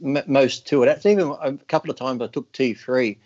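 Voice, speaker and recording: Brief: male podcast guest, mid-pitched, loose storyteller who swears often, muffled lo-fi audio. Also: moderate pace, a little mellow. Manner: crude, laughing anecdotes, heavy swearing. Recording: dull lo-fi audio.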